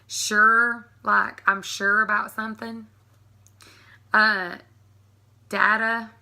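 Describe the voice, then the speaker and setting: A woman in her thirties with a strong East Tennessee Southern accent talks through a word list in a chatty vlog. Her voice is very bright and has a gravelly fry running through it, and she breaks into laughter often. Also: mid-range voice. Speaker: YouTube creator. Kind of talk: casual accent tag vlog.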